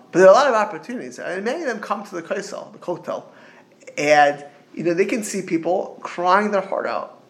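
A man's voice: fairly high pitch, fairly bright tone. A middle-aged man giving an informal religious talk as a rabbi, rambling and digressive with frequent restarts and storytelling asides.

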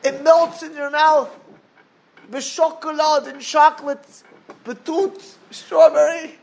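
A man voicing an eager, pushy young male yeshiva student who pleads in a high, insistent voice. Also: level tone, slow, gravelly, slight background noise, exaggerated voice. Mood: eager pleading.

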